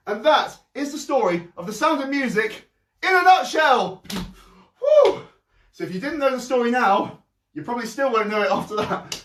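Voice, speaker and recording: High-voiced man, chatty host, self-mocking, roomy echo, off-mic. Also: recorded from a distance. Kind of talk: casual chat, live online show.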